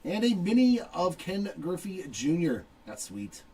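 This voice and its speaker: Big pitch swings mark the high voice of a middle-aged man hosting a live card break, unhurried as he jokes, chats and reads out each card he pulls. He's far from the mic and somewhat off it, with faint noise in the background.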